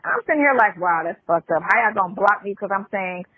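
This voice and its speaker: A woman's voice: medium pitch, lively intonation, fast talker, dry recording. A woman chatting casually and defensively on a call. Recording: tinny dry phone line.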